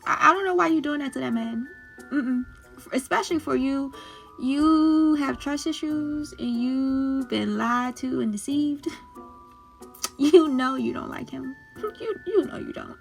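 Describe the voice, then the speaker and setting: A woman's voice: sits high, measured pace, gravelly, long pauses, a bit bright, soft background music. A woman recapping a series episode in a casual chat, laughing often and teasing the characters as if she were talking to them. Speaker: show recap host. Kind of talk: casual reaction commentary.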